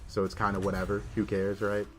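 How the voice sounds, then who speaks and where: A man's voice: fairly low pitch, monotone, quick pace, fairly bright tone. A man from the southern US with a Southern accent, chatting casually while streaming a game and saying "like" often. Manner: chatty, filler-heavy with "like". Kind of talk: casual livestream commentary.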